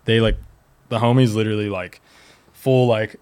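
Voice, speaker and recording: A man's voice: fairly low pitch, steady tone, normal speed, a little mellow, clean tone, no room sound. A young man from Pennsylvania telling a story in a casual, slangy way, full of fillers. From Reading, Pennsylvania. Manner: laid-back, slangy, lots of fillers. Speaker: guest, pro skateboarder.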